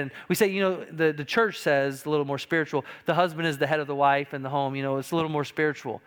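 A male pastor preaching a sermon in a church, emphatic and repetitive, slowing down on key lines and building louder toward urgent points. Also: a little high. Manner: emphatic preaching, repeats key phrases and often says "listen". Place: church sanctuary.

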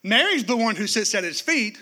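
A man preaching a sermon, swinging from loud declarations to hushed, quiet passages. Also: high voice, very animated, brisk. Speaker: pastor.

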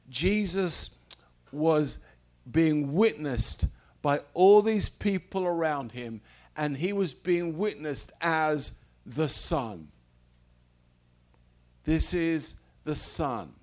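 A man preaching a sermon, reading scripture and explaining it slowly, with emphatic repetition. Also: on the high side, expressive.

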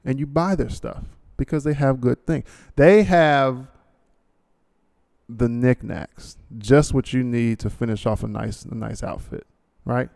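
A man's voice: medium pitch, unhurried, gravelly, a little mellow. A male podcast host, talking casually alone and rambling through a sponsor read with joking asides and many restarts. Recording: long hall reverb.

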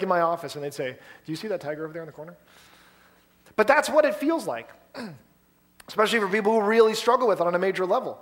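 Man pastor, animated storytelling sermon, slightly high voice. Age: adult, past college.

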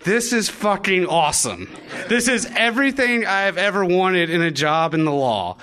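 A man's voice: high voice, expressive, moderate pace, pushed and bright. A young man telling a funny personal story on stage, wry and self-mocking, acting out the lines he quotes. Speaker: live storyteller. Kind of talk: live personal storytelling to an audience. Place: live venue stage.

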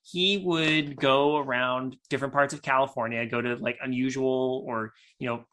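Bright-voiced enthusiastic man chatting. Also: medium pitch, steady tone, moderate pace, a little hiss or hum. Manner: enthusiastic, rambling with restarts. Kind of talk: casual chat.

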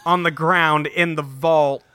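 A man's voice: fairly high pitch, fairly even intonation, slow, sharp tone, no echo. A man recapping a cartoon episode in casual, profane, joking podcast chat, rambling with fillers, on a close mic. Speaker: podcast co-host.

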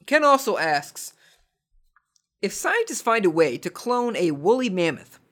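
Unhurried and sing-song, a man's high, slightly bright voice drifts through a casual comedic podcast monologue. Answering listener questions, he rambles tongue-in-cheek, with plenty of false starts and repeated words.

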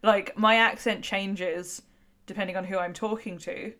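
A woman's voice: mid-range voice, fairly even intonation, measured pace, sharp tone. A woman chatting casually about a film, teasing and laughing often.

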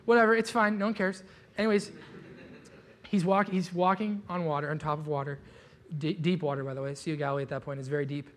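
A pastor delivers a sermon like a relaxed storyteller, talking fast in a voice that sits a little high for a man. He jokes, keeps things conversational and animated, and piles on fillers like "like," with a bit of hiss or hum in the audio.

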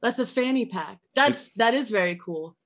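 A woman chatting casually on a podcast, giggly and animated, breaking into loud squeals. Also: on the high side, normal speed, over a noisy crowd. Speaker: podcast co-host. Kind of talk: casual chat.

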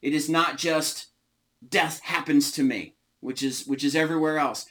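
Slow, emphatic male Bible teacher. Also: fairly high pitch, steady tone, a bit bright. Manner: slow, emphatic, often stressing single words. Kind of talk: informal Bible study teaching.

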